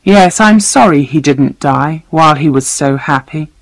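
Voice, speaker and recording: A woman reading a storybook voices a female terrorist who speaks softly and cruelly. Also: low voice, measured pace, no echo. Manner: soft and cruel.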